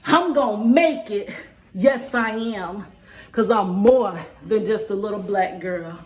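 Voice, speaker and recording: A woman's voice: medium pitch, slow. A woman reciting her own spoken word poem with a rhythmic, emphatic rhyming delivery. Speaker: vlogger and spoken word poet. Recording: roomy echo.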